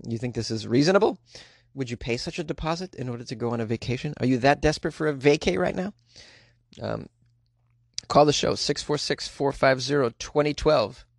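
A man's voice: medium pitch, expressive, fairly quick, vocal fry, no echo, studio quality. A man hosting a comedy news podcast, joking his way through stories and chuckling between lines. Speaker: podcast host.

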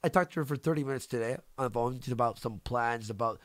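A man's voice: mid-range voice, fast talker, no echo, studio quality. A man, a streamer hosting the show, ranting in heated casual chat, profane and repeating himself. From Canada. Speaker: streamer host.

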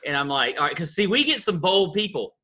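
Bright-voiced co-host man. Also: high voice, a little fast. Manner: chatty, animated storyteller. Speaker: podcast co-host. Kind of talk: casual podcast chat.

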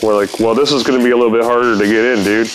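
A man's voice: medium pitch, steady tone, racing, faint music behind, low-quality recording. A man telling casual stories as a podcast host, in a profane, slangy, rambling way full of "dude" and "man". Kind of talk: casual storytelling.

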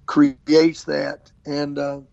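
A man's voice: a little high, very slow, creaky, dry recording, dull audio. An older man, an evangelist telling stories in a casual interview and acting out what people said. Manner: animated storyteller, acts out quotes. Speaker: traveling evangelist preacher.

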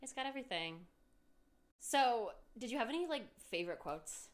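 A woman's voice: a little high, expressive, moderate pace. A woman co-hosting a podcast, chatting casually about a TV show, chatty with lots of fillers and frequent laughs. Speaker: podcast co-host.

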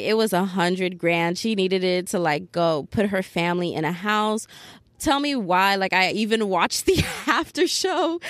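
A woman hosting a podcast in casual chat, telling a story in an animated, chatty way with lots of fillers. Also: lowish voice, dry recording. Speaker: podcast host.

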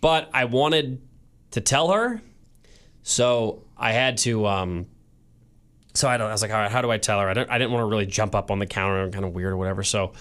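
A man co-hosting a casual podcast, telling an emotional story with many restarts and pauses, teary at times. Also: on the low side, a bit bright. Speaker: podcast co-host. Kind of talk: casual chat.

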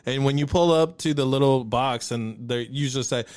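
A man's voice: mid-range voice, normal speed, a little mellow. A man ranting jokingly and swearing freely in casual chat. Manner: profane, ranting, jokey.

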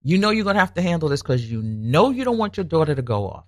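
A woman telling a personal story in a lively, swooping voice that climbs high and drops low as she acts out what everyone said. She leans on her points and repeats them for emphasis. The sound is close and dry, with no room around it. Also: quick pace, hardly any pauses, dry recording. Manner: animated, acts out quoted dialogue, emphatic repetition. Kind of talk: casual storytelling monologue.

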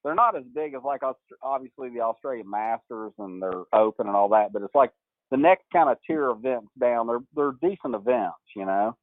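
Animated man telling golf stories. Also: mid-range voice, brisk, no room sound, narrow, tinny audio. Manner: animated storyteller, acts out quotes, laughs often. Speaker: golf coach, guest. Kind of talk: storytelling in a podcast interview.

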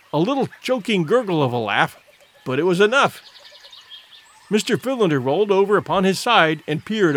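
A man reading a classic adventure novel aloud as an audiobook narrator, in an expressive, dramatic storytelling manner. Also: high voice.

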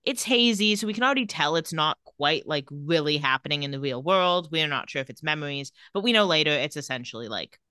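Bright-voiced woman recapping a show. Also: deep voice, clean tone, dry recording, studio quality. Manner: retells scenes quickly, reading out dialogue in a flat voice. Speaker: podcast co-host. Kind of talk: casual recap chat.

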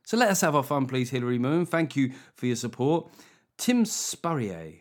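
Sweary joking English podcast host. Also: male voice, medium pitch, sing-song. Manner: sweary, mocking, jokey with quick asides. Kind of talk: casual comic podcast chat.

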